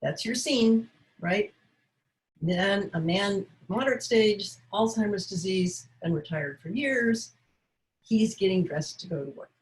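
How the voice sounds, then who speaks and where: A woman's voice: medium pitch, unhurried, low-quality recording. A woman teaching caregivers, coaching them and acting out short dialogue examples. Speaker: caregiving educator. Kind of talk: instructional talk.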